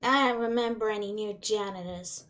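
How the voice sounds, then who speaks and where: A woman doing a gruff kobold guard. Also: mid-range voice, normal speed, a bit bright, soft background music, voice pushed down, natural voice. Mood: challenging. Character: gruff red kobold guard, suspicious then lax.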